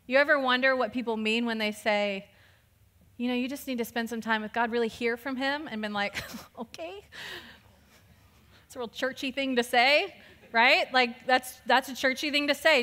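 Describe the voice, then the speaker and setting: A woman pastor giving a lively, conversational sermon, laughing often as she preaches. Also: fairly high pitch, normal speed, big-room sound.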